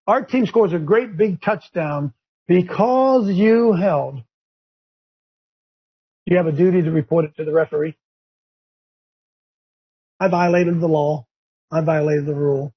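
Fired-up gravelly guy preaching on his show, kinda high voice, dull lo-fi sound. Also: expressive, measured pace, pauses often. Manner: fiery and preachy, rising to shouts and high mocking voices. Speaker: show host. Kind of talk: impassioned talk show rant.

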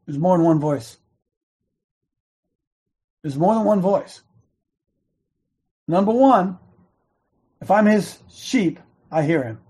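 A man's voice: high voice, lively intonation, slow pace, long pauses, warm tone, husky. A man, known as coach, giving an earnest and emphatic sermon-style devotional talk and repeating his key lines.

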